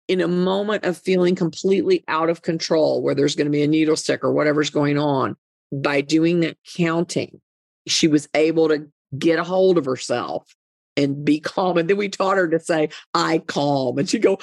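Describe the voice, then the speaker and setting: A woman's voice: low-pitched, gravelly, a little mellow, no echo, studio quality. A middle-aged woman speaking earnestly in an interview, emphatic and often repeating words as she tells a personal story. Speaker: guest, mother and advocate. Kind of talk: conversational interview.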